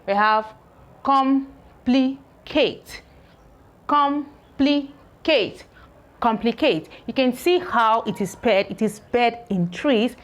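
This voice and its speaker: A woman teaching English pronunciation, saying each word slowly several times, breaking it into syllables and checking in with "okay?" between explanations. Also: a little high. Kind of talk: slow spoken pronunciation lesson.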